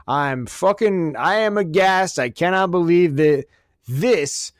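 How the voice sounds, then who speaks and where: A prim older woman , put on by a man, acts primly astonished in an overly proper way. The voice is smooth and slightly raised. It sounds close and dry. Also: fairly high pitch, sing-song, measured pace, dry recording. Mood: mock-aghast. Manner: mock-proper, feigned astonishment. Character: prim, falsely shocked older woman hoarder.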